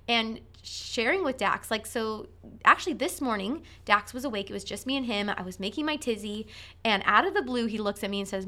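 A woman's voice: mid-range voice, pushed and bright. A woman in her thirties hosting a parenting podcast, chatting casually and acting out her kids' voices. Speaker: podcast host.

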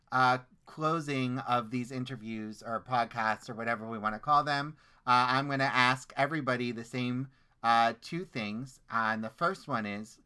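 A man in his late thirties hosts a relaxed interview podcast with a bright, forward tone. He talks in a halting way, leaning on "uh" between thoughts, and drops in deadpan jokes. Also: medium pitch, clean tone. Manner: halting with many "uh"s, dry joking. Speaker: podcast host. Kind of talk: casual interview chat.

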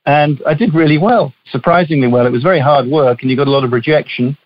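A man's voice: on the high side, quick pace. This is an English man in his fifties, speaking as a guest on a podcast. He talks in easy, rambling stories and often restarts a phrase. The sound is a little dull and lo-fi. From southeast England. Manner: chatty storyteller with small restarts. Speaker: guest, company CEO. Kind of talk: casual interview chat.

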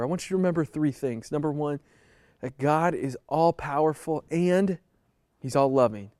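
A man with a somewhat high voice delivers a conversational sermon from the pulpit. He speaks earnestly, pressing his points with pleading emphasis. The recording is dry, with no room echo. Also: a little mellow. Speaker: pastor.

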